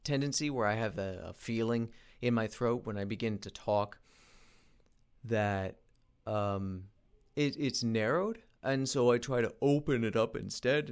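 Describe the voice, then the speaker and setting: A man talking through a reflective solo monologue, halting with frequent restarts and repeated words, earnest in tone. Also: mid-range voice, clean tone. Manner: earnest, self-motivating. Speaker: independent voice actor and producer.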